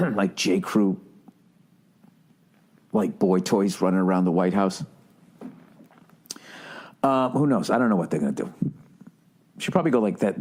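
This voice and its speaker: A man's voice: deep voice, darkish tone, slightly rough. A middle-aged man hosting his own podcast, riffing sarcastically in a profane, rambling comedic monologue. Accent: Boston. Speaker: podcast host.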